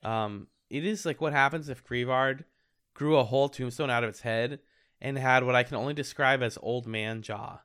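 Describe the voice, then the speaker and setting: A man's voice: medium pitch, normal speed, fairly bright tone, smooth. A man co-hosting a podcast in casual chat, playful and jokey, laughing at his own lines. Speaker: podcast co-host.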